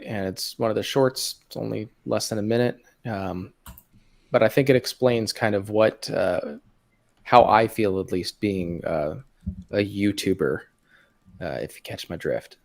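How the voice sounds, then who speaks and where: A man hosts a live panel of online creators, keeping things friendly and affirming. He leans on hesitant ums and uhs as he steers the talk. His voice sits somewhat low for a man. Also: normal speed, vocal fry, darkish tone. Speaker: live show host. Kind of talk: hosting a live panel chat.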